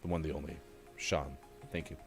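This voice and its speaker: A man's voice: rumbling low, brisk, gravelly, slightly rough, soft background music. A man co-hosting a gaming morning show, bantering casually and calling out to the chat. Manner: animated, jokey, addressing chat. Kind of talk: casual live-stream banter.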